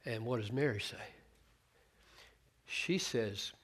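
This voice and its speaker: A man's voice: fairly high pitch, sing-song, slow pace, long pauses, a bit bright. A man preaching a sermon on a Bible passage, earnest, restarting words as he thinks aloud and acting out the quoted lines.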